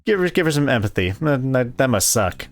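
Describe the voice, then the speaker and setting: A man hosting a story game playthrough, reading the text and joking about it in an animated, self-correcting way. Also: mid-range voice, fairly quick, soft background music. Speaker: let's play host.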